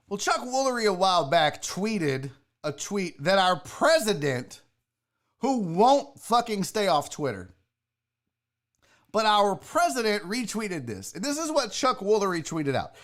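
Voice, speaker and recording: A man's voice: sits high, very animated, normal speed, fairly bright tone. A man hosting a live sports talk show, ranting heatedly and swearing freely, a bit tipsy from drinking.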